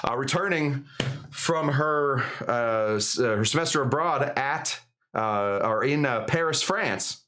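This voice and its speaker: Male live-stream host, mid-pitched, rambling and jokey, lots of fillers. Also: fairly bright tone. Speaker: host of a live cocktail show.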